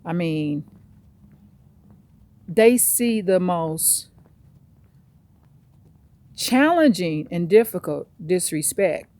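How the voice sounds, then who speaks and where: Slow-talking blunt woman vlogger. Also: lowish voice, darkish tone, dry recording. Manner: blunt, profane, ranting. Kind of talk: casual vlog monologue. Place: outdoors, on a walk.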